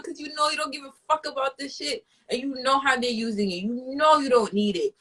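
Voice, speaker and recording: A woman's voice: high voice, brisk, hardly any pauses, pushed and bright. A woman host in casual chat, ranting in a profane, fired-up way.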